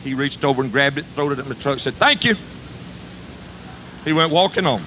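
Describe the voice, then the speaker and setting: An older man preaching, telling a homespun story in a folksy, animated way with country dialect. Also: mid-range voice, fairly quick, slight background noise, rough recording. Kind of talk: storytelling sermon.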